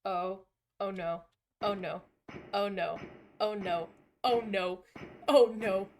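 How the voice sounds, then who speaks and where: A woman's voice: medium pitch, steady tone, slow, a little hiss or hum. A woman streaming a video game live, reacting with exclamations and reading game text aloud with frequent laughs.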